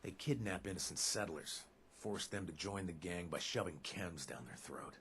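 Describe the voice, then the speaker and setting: A man's voice: deep voice, moderate pace, fairly bright tone, a little hiss or hum. An actor playing a chatty reformed male ex-raider in a video game, rambling with self-deprecating asides. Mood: earnest.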